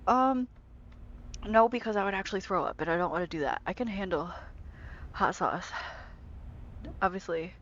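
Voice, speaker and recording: A woman streaming a video game, chatting casually and excitably with frequent swearing and playful grumbling. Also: mid-range voice, muffled recording. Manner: chatty, excitable, quick reactions and self-talk. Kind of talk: casual live-stream gameplay commentary.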